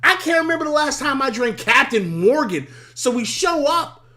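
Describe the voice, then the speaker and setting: At a moderate pace and in a very high voice, a live sports talk stream host gets fired up and profane, laughing often and circling back over his words, his voice strained from yelling.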